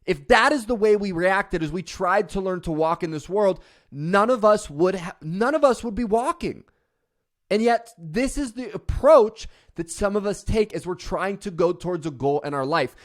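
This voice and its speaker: A motivational speaker gives a passionate, emphatic talk, opening with a mocking voice. His voice is high and expressive, at a moderate pace.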